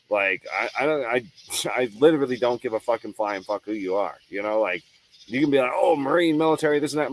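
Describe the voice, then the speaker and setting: A man's voice: mid-range voice, slight background noise, rough recording. A man hosting his own show, giving a heated, profane, unscripted monologue with hard emphasis and frequent restarts. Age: adult. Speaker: show host.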